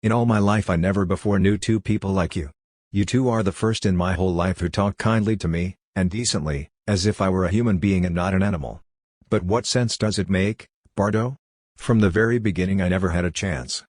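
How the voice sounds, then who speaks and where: A man reading aloud as a friendless prison thief, pleading and childlike, in a deep voice. The sound is dry and close-miked. It is read plainly, as in a spoken novel. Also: a little fast, darkish tone, dry recording.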